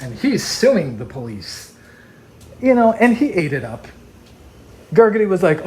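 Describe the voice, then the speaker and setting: A man arguing heatedly on a call, ranting and mocking others in quick impressions. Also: on the high side, lively intonation. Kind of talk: heated phone argument.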